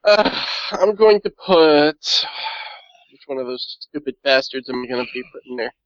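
A man's voice: on the high side, animated, normal speed, no room sound, lo-fi sound. A man running a tabletop game as game master, chatting loosely and swearing as he narrates. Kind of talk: casual tabletop game chat.

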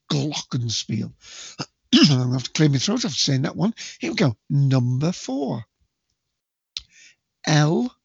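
A man hosting a solo podcast quiz in a chatty way, spelling out letters slowly and counting down to each answer. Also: fairly high pitch, gravelly, breathy edge, dry recording, highs cut off. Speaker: quiz host.

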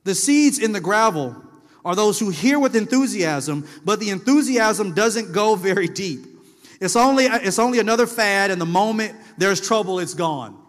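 A man's voice: high-pitched, moderate pace, big-room sound. A man preaching a sermon in a loose, conversational way, telling stories and acting out people's lines. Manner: conversational, animated storytelling with voiced asides. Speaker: pastor.

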